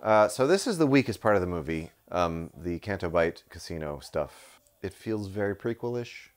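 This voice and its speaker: A man with a very low, deep voice reviews a movie in casual conversation. He talks in an animated way, swears freely and laughs often. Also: normal speed. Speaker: co-host.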